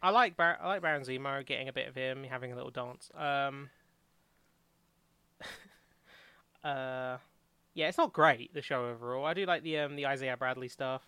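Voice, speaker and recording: A young man co-hosting a casual podcast chat, often laughing and acting out characters in quick mocking voices. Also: medium pitch, pushed and bright, clean tone, no room sound. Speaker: podcast co-host.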